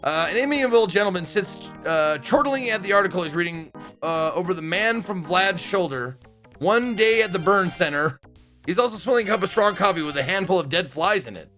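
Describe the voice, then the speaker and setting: A man playing through a game on stream, reading the narration out loud and tossing in chatty asides. His voice is high and bright, with a playful edge. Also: animated, a little fast, soft background music. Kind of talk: reading game text aloud, casual commentary.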